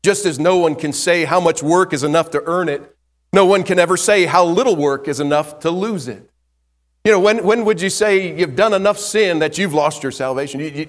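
A man preaching a sermon, building emphasis with rising pitch and volume and repeating words to drive points home. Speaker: pastor. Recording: long hall reverb.

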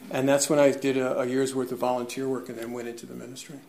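A man in ministry shares his testimony in an earnest, reflective and measured way. His voice sits at a middle pitch. A roomy echo surrounds it. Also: flat delivery, gravelly, a little mellow, a little hiss or hum. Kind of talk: personal testimony.

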